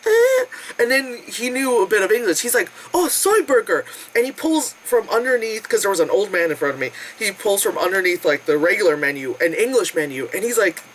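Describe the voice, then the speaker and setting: Vlogger, bright forceful voice, animated storyteller who swears a lot, faint background hiss. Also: quick pace, hardly any pauses, low-quality recording. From United States. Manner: animated, acts out quotes with big pitch jumps, frequent laughs and swearing. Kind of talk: casual storytelling food vlog.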